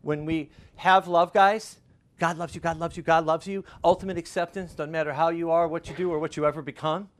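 A middle-aged male pastor preaching a conversational sermon, telling stories with lively restarts. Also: fairly high pitch, brisk. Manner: conversational, animated storytelling with restarts.

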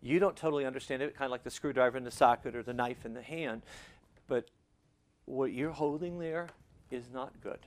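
A man preaching to a congregation, shifting between quiet, intimate stretches and loud, fervent passages, closing in prayer. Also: medium pitch, fairly quick. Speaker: pastor. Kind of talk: sermon.

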